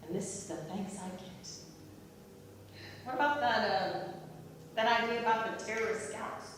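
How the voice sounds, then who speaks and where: A woman acting a teasing, sharp-tongued wife who speaks in a dry, matter-of-fact way, performed on a theatre stage. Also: mid-range voice, moderate pace, a little hiss or hum, lightly acted. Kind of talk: amateur stage comedy acting. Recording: echoey hall, from far off.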